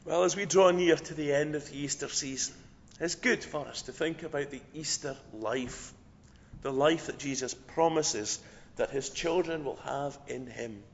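A man preaching a sermon with a hoarse voice, measured and reflective, with a storyteller's flair. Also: fairly high pitch, slight background noise. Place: church. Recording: dull sound, long hall reverb.

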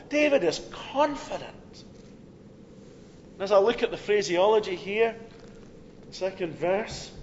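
A man preaching a sermon, telling stories with swings from loud, urgent passages to hushed ones. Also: sits high, expressive, slow pace, slight background noise. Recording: long hall reverb, dull lo-fi sound.

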